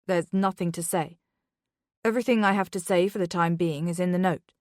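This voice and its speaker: A woman's voice: lowish voice, fairly even intonation, fairly quick, no echo, studio quality, lightly acted. A woman voicing a guarded husband who speaks in a curt, spiteful way. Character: cold, guarded husband protecting his children.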